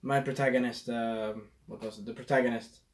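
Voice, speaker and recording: A man's voice: medium pitch, fairly even intonation, fairly quick. A man casually reviewing a movie, rambling and losing his train of thought, with a scratchy throat.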